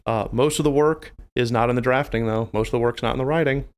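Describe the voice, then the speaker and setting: A man's voice: medium pitch, fast, clear, resonant tone. Chatty New Orleans man co-hosting a podcast. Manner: animated and chatty, addresses listeners directly. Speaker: podcast co-host. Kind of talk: casual podcast chat.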